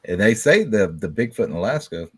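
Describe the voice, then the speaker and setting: A man guest on a podcast, talking casually, halting and repeating himself, with lots of "you know". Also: on the low side, very animated, breathy edge, no room sound.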